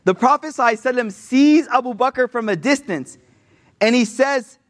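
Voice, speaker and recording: Brief: man, high-pitched, preaching casually, slangy storyteller who acts out the quotes. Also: fairly quick. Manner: slangy, animated retelling with acted quotes. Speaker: Islamic preacher.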